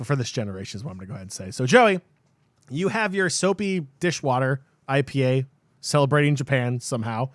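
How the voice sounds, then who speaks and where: A man's voice: on the high side, a bit bright, no echo, studio quality. A man co-hosting a gaming podcast, teasing his partner playfully and hyping up segments. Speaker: podcast co-host. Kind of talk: casual gaming podcast chat.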